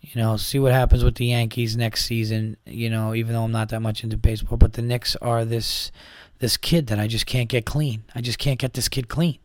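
A man's voice: medium pitch, flat delivery, a little fast, hardly any pauses, a little mellow, no echo. A man hosting a comedy podcast, ranting with exasperation and acting out the people in his stories. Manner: exasperated, rambling, acts out quoted voices. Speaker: podcast host. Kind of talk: comedic rant.

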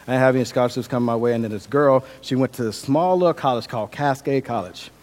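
Young guy preaching, telling his own story, earnest, gets loud then goes quiet. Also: medium pitch, fast. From Milwaukee, Wisconsin. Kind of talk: sermon with personal testimony.

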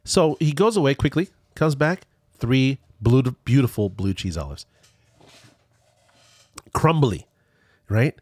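A man's voice: medium pitch, slow, pauses often, no echo. A man telling a long, rambling story in a casual chat, his voice rising and falling a lot. He restarts his sentences often, and the sound is close and dry. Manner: rambling, animated, with many restarts.

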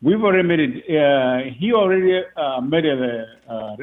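A father telling a story on the phone, animated and laughing often as he acts out what people said. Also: a little high, unhurried. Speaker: father of a recruit. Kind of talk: phone interview. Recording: tinny phone line.

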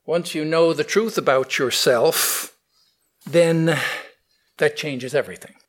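Male spiritual teacher, unhurried, thoughtful, slightly high voice, explanatory tone. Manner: slow, thoughtful, with fillers and restarts. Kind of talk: telling a fable and explaining its meaning.

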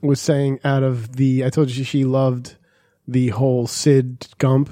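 A man's voice: mid-range voice, little pitch movement, slow pace, mellow, dry recording, studio quality. A man co-hosting a podcast, teasing his co-host with profane banter in casual chat.

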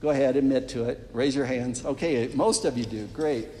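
A man's voice: medium pitch, moderate pace, mellow. A man delivers an earnest sermon to his congregation, talking straight to the people in the pews. His voice sits in a middle register. It rings out with the long reverb of a church hall. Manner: earnest, addresses the congregation directly. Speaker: preacher.

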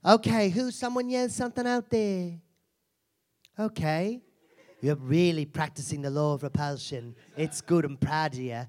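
A man's voice: a little high, a little slow, a little mellow, lightly acted. A man performing a brash, foul-mouthed female self-help seminar guru in a live comedy character act, mocking and insulting the audience.

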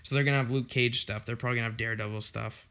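Eager podcast guy with a gravelly, bright edge, just chatting. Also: medium pitch, fairly even intonation, very fast. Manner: eager, gushing about upcoming releases. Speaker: podcast co-host. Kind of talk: casual chat.

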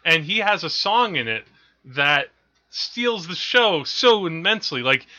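Guy rambling about movies on a podcast, super bright voice, dull lo-fi sound. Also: a little high, very animated, a little slow. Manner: rambling, self-correcting, laughs at his own stories. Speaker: film podcast co-host. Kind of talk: casual chat about films.

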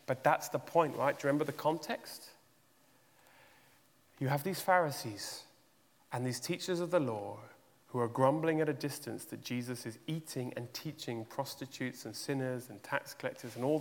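A man's voice: mid-range voice, long reverb tail. A man preaching a sermon, asking the listeners many rhetorical questions and pushing his voice up for emphasis.

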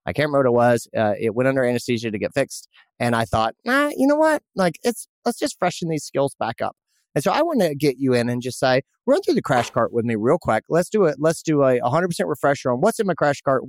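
An enthusiastic man hosts a casual podcast, his voice rising and falling in a lively way. He chats warmly with a guest and laughs easily. The sound is close and dry, with no room in it. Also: mid-range voice, no room sound. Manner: enthusiastic, animated, laughs often. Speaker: podcast host, veterinarian. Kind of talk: casual chat.

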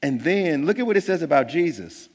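A male pastor preaching a sermon in a conversational way, jumping between loud bursts and hushed lines and acting out the voices of people in the story. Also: a little high, sing-song, a little fast. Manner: conversational, acts out voices of disciples. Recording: long hall reverb.

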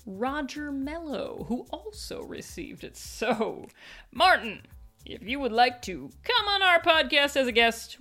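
A woman's voice: sits high, pushed and bright. A woman co-hosting a podcast, chatting casually about a picture book and teasing her co-host playfully. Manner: playful, teasing, argues jokingly.

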